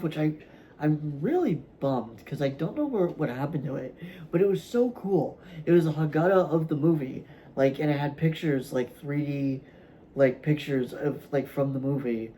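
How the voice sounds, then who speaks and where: A man hosting his own vlog, talking casually to camera from a room at home, halting and rambling with many fillers and restarts, yawning at times. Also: a little high, mellow, a little hiss or hum, low-quality recording. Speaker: vlog host.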